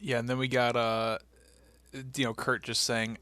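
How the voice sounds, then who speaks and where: A man's voice: medium pitch, moderate pace, smooth, dry recording. A man co-hosting a casual podcast, eagerly retelling scenes and quoting the people in them. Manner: energetic storytelling, quotes people and laughs. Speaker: podcast co-host. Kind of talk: casual chat.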